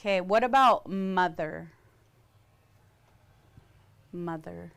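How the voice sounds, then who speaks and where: Slow, smooth-voiced woman teaching a class. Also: mid-range voice. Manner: slow, careful, modeling sounds for students. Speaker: language teacher.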